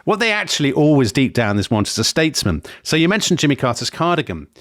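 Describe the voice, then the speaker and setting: A man co-hosting a history podcast, telling the story in a lively, digressive way with frequent self-corrections. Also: fairly high pitch, fast talker, dry recording, clean studio sound. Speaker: podcast co-host.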